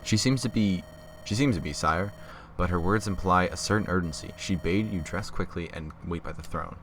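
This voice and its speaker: A man's voice: low-pitched, normal speed, fairly bright tone, a little hiss or hum. A young man voicing a polite male castle servant in a shaky attempt at a British accent, over game music. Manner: deferential.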